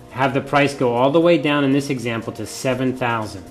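A man lectures as a professor, voice at an ordinary pitch, with faint music in the background. He drives each point home by repeating it and by asking the class questions he then answers himself. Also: normal speed. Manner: repeats key points and asks rhetorical questions.

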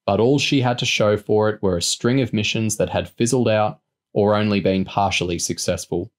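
A man with a fairly low voice reads a novel chapter aloud. He narrates at a steady, measured pace, in the manner of a practised audiobook reader.

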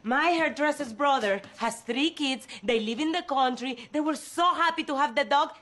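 An actress playing an excitable sitcom wife and mother who speaks English with a foreign accent. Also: high-pitched, moderate pace. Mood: matter-of-fact. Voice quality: lively and emphatic. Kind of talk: sitcom acting. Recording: TV audio with faint noise.

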